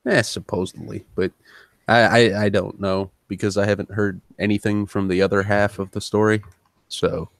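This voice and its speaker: Co-host: a man with a lowish, dry voice, laid-back and rambling on a casual voice call. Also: flat delivery, normal speed, creaky, no echo. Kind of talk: casual online voice chat.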